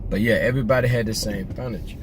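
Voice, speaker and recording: A middle-aged vlogger in his car tells loose, joking stories as he drives, speaking rapid-fire in a fairly low voice. He's laid-back and rambling, full of slang and restarts, with a noisy background behind him.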